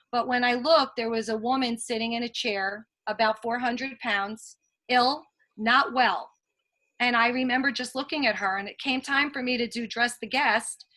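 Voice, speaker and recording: Bright-voiced woman leading a sales training call. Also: on the high side. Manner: earnest, motivational storytelling. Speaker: sales team leader.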